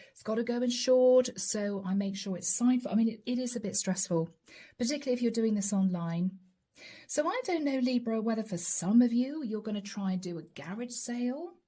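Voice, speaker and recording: Woman, tarot reader, chatty and laughing, mellow tone, mid pitch. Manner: chatty, laughing, relatable asides. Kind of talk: channeled tarot reading to camera.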